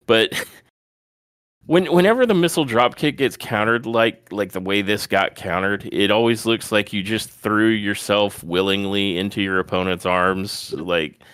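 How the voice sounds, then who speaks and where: A man with a low, smooth voice walks through a wrestling match move by move in casual podcast chat. He breaks off for animated asides. The sound is dry and close to the mic. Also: measured pace, no echo. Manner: detailed play-by-play retelling, animated asides. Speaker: podcast co-host.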